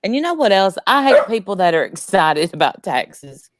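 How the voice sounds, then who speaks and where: A woman's voice: mid-range voice, sing-song, moderate pace, background noise. A woman in a casual livestream chat who jokes wryly and grumbles about her complaints. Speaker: co-host of a livestream chat show.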